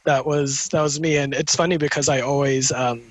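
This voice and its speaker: A man's voice: medium pitch, steady tone, normal speed, husky, no room sound, rough recording. A man speaking as an interview guest, telling his story casually with lots of fillers and restarts. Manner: rambling, many fillers and restarts. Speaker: interview guest, community manager.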